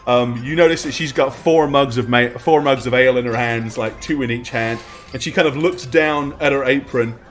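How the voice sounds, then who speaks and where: A male dungeon master with a middle-pitched voice describes a tavern scene at an easy pace. He fills pauses with frequent ums as he builds up the details. Faint music plays in the background. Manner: descriptive, unhurried, many ums. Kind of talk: narrating a tabletop game.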